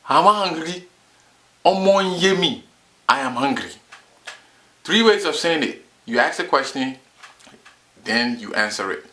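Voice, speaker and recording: A man's voice: a little high, sharp tone. A man giving a comic language lesson, boastful and drilling each word again and again. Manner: boastful, repeats words in drills. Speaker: vlogger teaching words.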